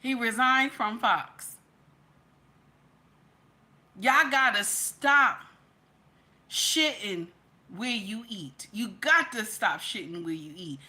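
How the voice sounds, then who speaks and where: A woman's voice: fairly high pitch, sharp tone. A woman, commenting casually and emphatically to her viewers, peppering every line with "okay?" and calling them "baby.". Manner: chatty and emphatic, keeps repeating "okay?"; addresses viewers directly as "baby" and "y'all". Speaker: social media commentator.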